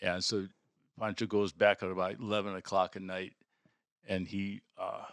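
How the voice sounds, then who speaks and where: An older man, guest on his son's podcast, telling halting anecdotes with many pauses. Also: deep voice, little pitch movement, gravelly, fairly bright tone, no echo, clean studio sound. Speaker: podcast guest, host's father. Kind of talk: casual family chat.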